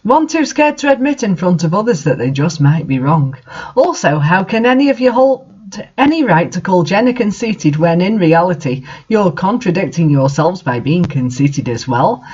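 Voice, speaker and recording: A reader giving a mock-dramatic reading of an author's note, theatrical, with sudden shouted outbursts. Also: mid-range voice, sing-song, normal speed, slightly rough, muffled recording. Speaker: reader of fan fiction.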